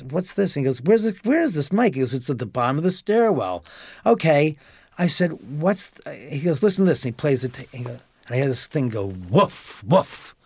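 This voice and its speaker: A man telling a story as a podcast guest, animated and profane, acting out the dialogue. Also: mid-range voice, no room sound, clean studio sound. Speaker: homeowner guest.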